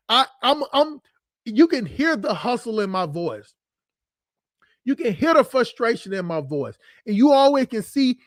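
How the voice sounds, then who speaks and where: Blunt, high-voiced man ranting on stream. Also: dry recording, clean studio sound. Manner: blunt, profane, fast-talking, jumps between subjects. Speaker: livestream host. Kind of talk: unscripted livestream rant.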